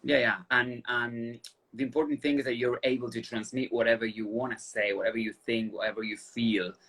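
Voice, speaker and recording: A man's voice: mid-range voice, little pitch movement, brisk, fairly bright tone, husky. A man with an Argentinian accent, a language teacher eagerly chatting on a live video call and reading out viewer questions. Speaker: language teacher, didactics specialist. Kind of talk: live online chat.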